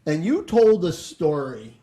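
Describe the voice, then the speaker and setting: Podcast host guy, kinda high voice, keeps tripping over his words, roomy echo. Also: big pitch swings, unhurried, warm tone, a little hiss or hum. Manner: rambling, stumbling restarts. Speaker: podcast host, home inspector. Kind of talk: casual interview chat. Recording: echoey room.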